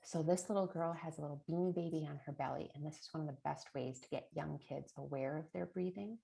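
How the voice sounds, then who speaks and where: A woman's voice: deep voice, fairly even intonation, fast talker, vocal fry, warm tone. A middle-aged woman presenting a parenting webinar in a chatty way, often adding a rhetorical "right?" and little laughs. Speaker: early childhood presenter.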